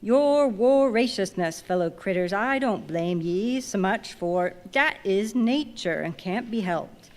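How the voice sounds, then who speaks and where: A woman voicing a grumbling ninety-year-old male ship's cook who preaches in a slow, drawling dialect. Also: medium pitch, animated, a little mellow. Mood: preaching. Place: large museum reading hall. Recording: long reverb in a big hall.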